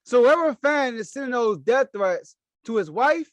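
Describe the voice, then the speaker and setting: A man with a high-pitched voice delivers solo sports commentary as a podcast host. He talks emphatically, hammering his points by repeating them. The recording is dry and close, with no room sound. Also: expressive, normal speed, no echo. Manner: emphatic, repeats key phrases.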